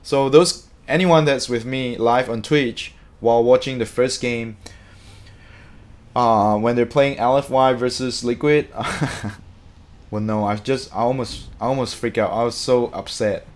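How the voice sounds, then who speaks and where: A man chatting casually on a live stream, reading out viewer comments in an excitable, talkative way. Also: mid-range voice, a little slow.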